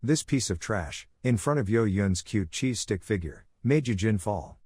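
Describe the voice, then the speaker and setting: A man with a fairly low voice narrates a comic story recap. He reads every line, dialogue and action alike, at the same steady, even pace. The sound is close and dry, with no room echo. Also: measured pace, husky.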